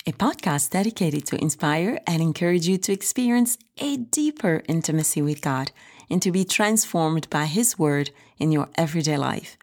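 A woman's voice: low-pitched, expressive, moderate pace, a little mellow. A woman with a slight French accent hosting a faith podcast in an upbeat, encouraging way. She grew up in France, and French is her first language. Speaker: podcast host.

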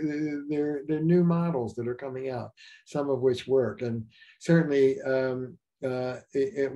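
Older male therapist, mellow dark timbre, blunt storyteller, chatty interview guest. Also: mid-range voice. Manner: frank, storytelling, frequent restarts and fillers. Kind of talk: casual interview talk.

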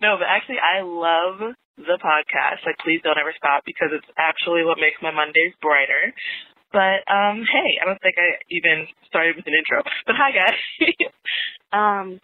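A woman's voice: lowish voice, moderate pace, dry recording. A woman leaves a playful, bubbly voicemail for a podcast. Her voice is thin and phone-like, dry and close. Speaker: voicemail caller. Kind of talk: cheerful fan voicemail. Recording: tinny phone-line voicemail.

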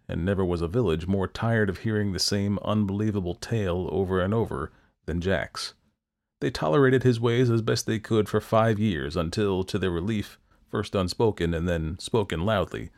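Guy reading a folk tale, lowish voice, steady and expressive. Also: creaky. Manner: steady, expressive folktale telling. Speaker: narrator. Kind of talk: storytelling narration.

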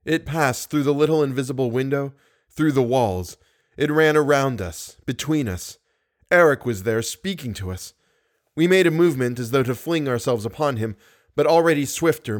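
A man's voice: mid-range voice, normal speed. Man narrating a classic novel. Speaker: audiobook narrator. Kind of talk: scripted narration.

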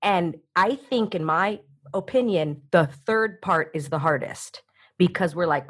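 A woman talking as an interview guest, energetic and coaching, often slipping into little acted-out voices. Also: fairly low pitch, unhurried, husky. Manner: energetic, acts out voices in quotes. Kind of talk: animated interview talk.

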